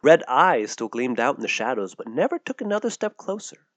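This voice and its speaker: A man narrating a storybook tale with an expressive, lively delivery. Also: medium pitch, brisk, no echo.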